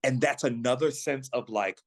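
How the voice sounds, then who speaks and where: A man on a podcast, earnestly telling a personal story of faith in a reflective way, slowing down at the emotional moments. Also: mid-range voice, no echo. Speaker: guest, actor and singer.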